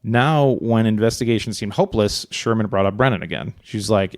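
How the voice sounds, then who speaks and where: A man co-hosting a podcast, telling a true-crime story in a relaxed, rambling way with many fillers and joking asides. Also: fairly low pitch, fairly quick, hardly any pauses, dry recording, studio quality. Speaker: podcast co-host.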